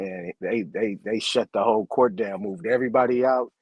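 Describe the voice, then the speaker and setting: A man's voice: on the low side, normal speed, few pauses, darkish tone, breathy edge, no echo. A man telling a long story in a casual chat, laid back and acting out both sides of a conversation.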